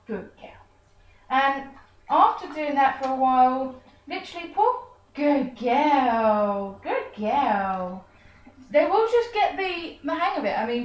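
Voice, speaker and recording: A woman teaching a dog trick in a chatty tutorial, breaking off to coo praise at her dog. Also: a little high. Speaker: dog trainer. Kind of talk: casual how-to tutorial. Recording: echoey room, voice far from the mic.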